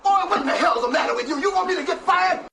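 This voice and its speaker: A hollering man who hurls insults in a piercing, very high, gravelly shout. His harsh, cutting voice comes from a roomy clip recorded well away from the mic. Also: lively intonation, fast, far from the mic, noisy background, exaggerated voice. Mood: scolding.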